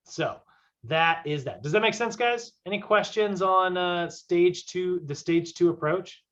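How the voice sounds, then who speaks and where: A man's voice: sits high, a little slow, fairly bright tone. Casual man lecturing a fitness class. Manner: casual, conversational, frequent "right?" check-ins. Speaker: fitness instructor. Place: classroom with whiteboard. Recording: dull lo-fi classroom recording.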